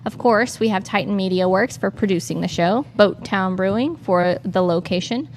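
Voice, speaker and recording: A woman's voice: medium pitch, normal speed, slight background noise. A woman hosting a casual local morning show, upbeat and friendly as she wraps up and thanks sponsors. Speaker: host. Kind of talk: casual chat. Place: brewery.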